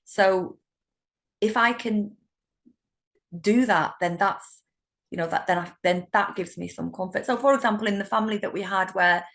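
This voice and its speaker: Middle-aged british lady solicitor, bit of fry in her voice, chatty storytelling. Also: medium pitch, normal speed, long pauses. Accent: British English. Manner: warm, animated storytelling with laughs. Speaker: solicitor, interview guest. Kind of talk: conversational interview.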